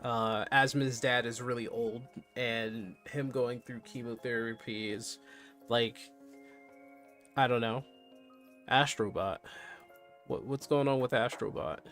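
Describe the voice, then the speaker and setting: A man's voice: medium pitch, steady tone, slow pace, long pauses, fairly bright tone, faint music behind. A man hosting a live stream, chatting candidly and in a subdued way as he reacts to news and to his chat.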